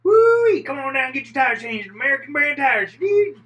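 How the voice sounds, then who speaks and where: A man putting on a hollering male announcer in a tire-shop radio ad, very high and loud. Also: very animated, fairly quick, highs cut off, a little hiss or hum, exaggerated voice.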